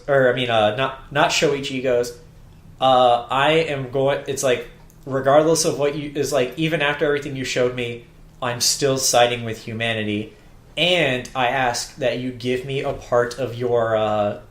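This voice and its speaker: Casual male co-host, rambling recap, plays out quotes, roomy echo. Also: mid-range voice. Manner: rambling, restarts often, acts out quotes. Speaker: podcast co-host.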